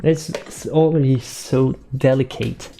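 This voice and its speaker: Male painter host, relaxed live-stream chat, mellow gravelly voice, unhurried delivery, faint music underneath. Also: medium pitch. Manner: soft-spoken, slow, repeats words while painting.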